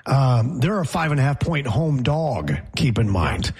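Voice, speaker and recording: A man hosting a sports talk show, chatting casually and running through the schedule with animated, opinionated commentary. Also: mid-range voice, a little slow, breathy edge. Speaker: sports radio host.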